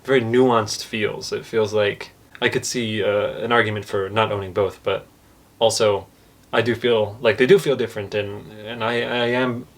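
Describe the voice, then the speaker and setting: A man's voice: on the low side, fairly even intonation, moderate pace. A man hosting a casual review, talking through his thoughts on a card game. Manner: thoughtful, comparing points while talking them through. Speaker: board game reviewer and host.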